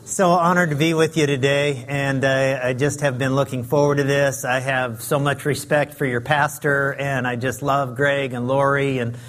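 A man with a high, light voice preaching as a guest pastor, chatty and self-deprecating, with many fillers. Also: little pitch movement, moderate pace, few pauses, fairly bright tone. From Southern California. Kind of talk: sermon. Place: church sanctuary.

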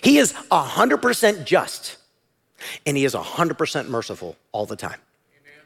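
A man preaching a sermon as pastor, animated and at times shouting. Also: mid-range voice, slightly rough.

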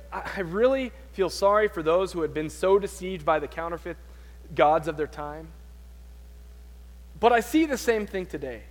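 A man preaching a sermon, reading scripture with dramatic loud peaks and dropping to quiet, conversational asides. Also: high voice, in a large hall.

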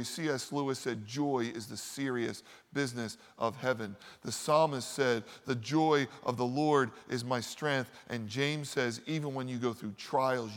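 Preaching man in a reverberant hall. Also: mid-range voice. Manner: storytelling preacher, dynamic swings from loud to hushed. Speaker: pastor. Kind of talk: sermon.

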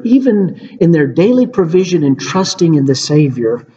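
Earnest pastor guy preaching, voice a bit high, long echo, dull muffled sound. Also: darkish tone. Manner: earnest, repeatedly addresses listeners as friends. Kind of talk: sermon. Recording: dull reverberant hall recording.

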